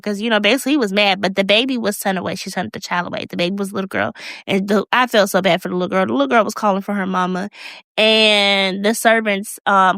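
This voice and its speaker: A woman hosting a casual recap review, telling the story in a chatty, animated way and acting out quotes. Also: mid-range voice, vocal fry, dry recording. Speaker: video recap host.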